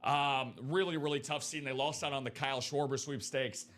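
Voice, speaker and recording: A man hosting a live stream of memorabilia breaks, chatting upbeat and fast as he pitches to viewers. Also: fairly even intonation, fairly bright tone. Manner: upbeat, chatty, quick patter.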